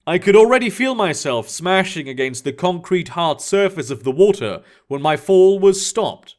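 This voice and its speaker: Man narrating first-person fiction. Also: on the high side. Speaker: audiobook narrator.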